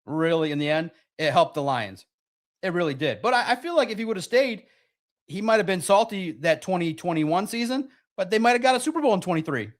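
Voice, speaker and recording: A man hosting a live-stream sports talk show, reading chat and talking in an animated, sarcastic, rambling way. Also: high-pitched, brisk.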